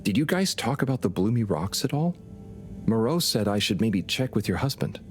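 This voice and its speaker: A man's voice: lowish voice, big pitch swings, moderate pace, faint music behind. An actor playing an awkward, polite young male lab intern in a game. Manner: hesitant, polite. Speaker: professor's assistant.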